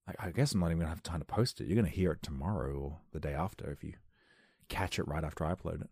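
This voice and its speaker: A man's voice: very deep voice, very fast, creaky, darkish tone, slightly rough, no echo, studio quality. A young man hosting a casual solo podcast from a dim room at home, rambling playfully and laughing at his own jokes. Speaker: podcast host.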